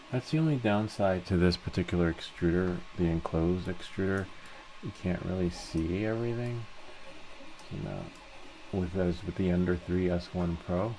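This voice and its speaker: Low, creaky, and measured, this man's voice pauses often against slight background noise. He guides a casual 3D printing screen-share tutorial, calmly working things out aloud one step after another.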